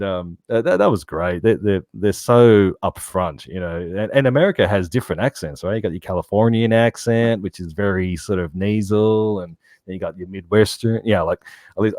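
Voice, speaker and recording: Deep-voiced Australian man, laid-back. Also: darkish tone, dry recording, studio quality. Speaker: interview guest. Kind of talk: casual interview chat.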